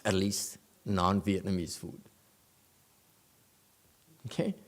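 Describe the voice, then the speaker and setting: A man's voice: low-pitched, steady tone, slow. A man giving a blunt, joking dharma lecture as a Buddhist master at a meditation center. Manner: blunt, joking, repeats for emphasis.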